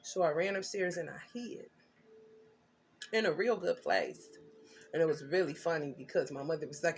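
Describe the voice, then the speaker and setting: A woman's voice: sits low, very animated, moderate pace, darkish tone, faint music behind. A woman doing a tarot reading, telling her story intensely and emphatically with blunt slang. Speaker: tarot reader.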